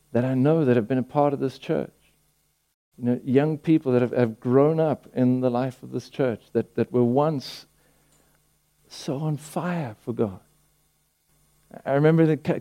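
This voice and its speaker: A man's voice: medium pitch, dark tone. A pastor preaching a conversational sermon to his church, with frequent restarts and rhetorical questions. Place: church hall.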